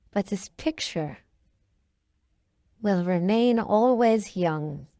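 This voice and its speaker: A woman's voice: mid-range voice, dark tone, no echo, clean studio sound. A woman voicing a vain young man who dreads growing old, speaking in a pleading, anguished way. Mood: mournful.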